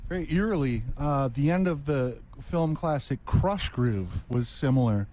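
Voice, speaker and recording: A man's voice: mid-range voice, animated, unhurried, dark tone. A man on a live radio show, trading dry wisecracks in casual studio banter.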